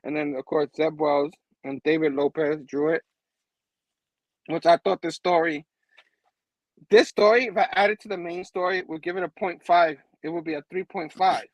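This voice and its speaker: High-voiced man, casual comic recap. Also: steady tone, moderate pace, no echo, low-quality recording. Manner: rambling, chuckles often, many fillers. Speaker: comic book reviewer, show host.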